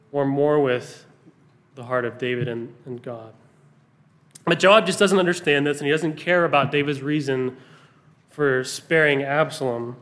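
A man preaching a sermon, earnest, pausing for emphasis as he reads scripture aloud. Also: on the high side.

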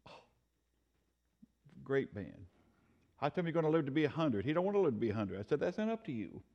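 A man's voice: mid-range voice, fairly quick, long reverb tail, highs cut off. A man leading a church Bible study, telling stories and laughing often as he teaches. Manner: animated, storytelling, laughs often.

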